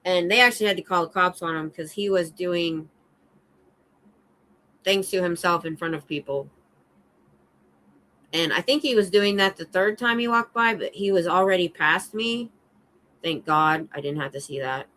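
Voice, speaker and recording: A middle-aged woman, a security guard hosting a casual livestream chat, telling animated stories from her work. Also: on the low side, normal speed, pauses often, rough recording. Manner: animated storyteller, acts out her own shouts.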